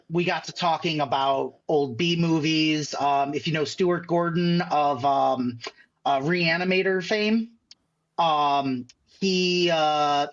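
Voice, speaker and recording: A man's voice: on the high side, fairly bright tone, dull audio. A man from the Chicago area, a guest magician telling stories in a casual podcast chat, acting out other people's lines as he goes. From Chicago area, USA.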